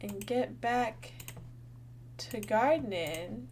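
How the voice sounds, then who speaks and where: Young woman, bubbly gameplay chatter, raised voice, unhurried, faint typing behind. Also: fairly high pitch, darkish tone, a little hiss or hum. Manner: bubbly, thinks aloud, chats to viewers. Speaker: gaming channel host. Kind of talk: casual gameplay commentary.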